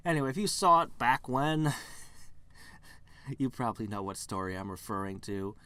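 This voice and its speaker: A man's voice: on the low side, a bit bright. A man hosting a game let's play, reading the game text aloud with wry, playful commentary.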